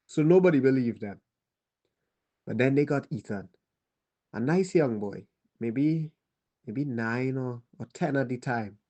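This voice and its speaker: A man with a Trinidadian accent playing a weary male survivor who tells a child about the war in a grave, halting monologue. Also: medium pitch, a little mellow, natural voice. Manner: halting, grave, pauses and restarts. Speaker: storyteller. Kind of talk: dramatic monologue.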